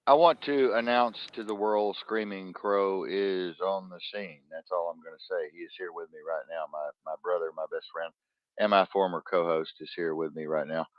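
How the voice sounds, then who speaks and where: A man's voice: sits low, fairly even intonation, normal speed, dry recording, muffled recording. Rambling, profane male podcast host. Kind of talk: casual podcast chat.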